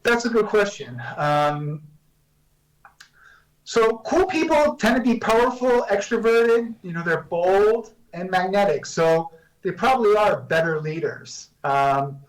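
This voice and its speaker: Guy prof explaining stuff over a video call, kinda high voice, sounds far off from the mic. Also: animated. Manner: measured, explanatory, with frequent "you know" and restarts. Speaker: guest, psychology professor. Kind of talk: remote interview answers.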